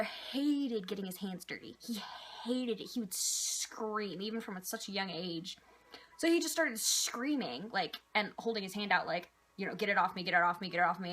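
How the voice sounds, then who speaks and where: A woman's voice: medium pitch, sharp tone. A young woman vlogger answering viewer questions in a casual, rambling chat, with lots of "like" and "um" fillers. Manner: chatty, rambling, with many "like" and "um" fillers.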